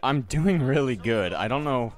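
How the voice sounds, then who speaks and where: Speaking at a normal speed in an expressive mid-range voice, a young gaming YouTuber talks casually while he plays. He jokes, mutters to himself and his audience, and yelps suddenly now and then.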